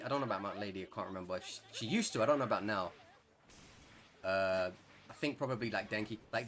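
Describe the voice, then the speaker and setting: A young man with an English accent giving chatty, excitable gameplay commentary, rambling and correcting himself as he plays. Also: lowish voice. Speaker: gaming streamer.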